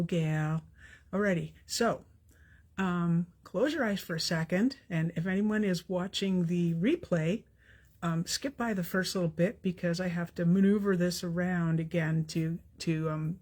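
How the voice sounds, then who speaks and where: A woman's voice: lowish voice, a little mellow, breathy edge. An older woman, chatting with viewers as she demonstrates a craft on a live stream, friendly and self-deprecating. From Canada. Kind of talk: casual live-stream tutorial.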